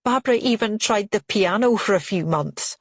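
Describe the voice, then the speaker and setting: A woman's voice: fairly low pitch, lively intonation, moderate pace, slightly rough, dry recording, studio quality. A woman voicing a disapproving older aunt with a sneering, contemptuous manner in an audiobook.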